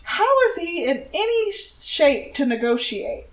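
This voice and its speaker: A woman with a high voice talks through a TV episode in a relaxed, conversational way. She questions the plot with wry, offhand remarks. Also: a little slow. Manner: relaxed, opinionated, wry asides. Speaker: podcast co-host. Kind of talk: casual recap chat.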